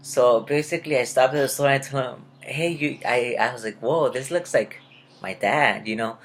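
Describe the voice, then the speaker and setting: Young man, vlogger, rambling anecdote, lots of "you know" and backtracking, mid-pitched. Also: normal speed. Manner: chatty and restless, full of fillers and self-corrections. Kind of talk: rambling personal storytelling to camera.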